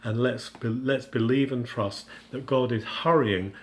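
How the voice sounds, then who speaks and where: A man at a medium pitch gives a devotional teaching on scripture. He speaks earnestly and unscripted, often stopping and restarting his sentences, and voices the psalmist's plea in the first person. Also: slight background noise. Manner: unscripted, with frequent halting restarts. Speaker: Bible teacher.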